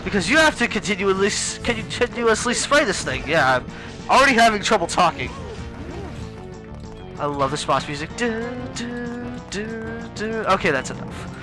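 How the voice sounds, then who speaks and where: A young man giving casual, rambling gameplay commentary, chatty and quick to get excited. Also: high voice, over music, low-quality recording. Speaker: let's play gamer.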